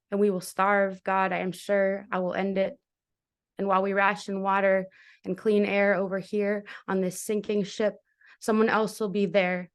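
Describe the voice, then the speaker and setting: A woman's voice: medium pitch, clear, resonant tone. A young woman performing a spoken word poem at an open mic, addressing God over and over with raw intensity. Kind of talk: spoken word poetry reading.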